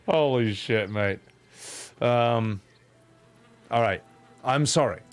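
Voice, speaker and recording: A man's voice: mid-range voice, extremely slow, soft background music. A young man live-streaming a game, chatting casually with viewers in rambling, swearing rants.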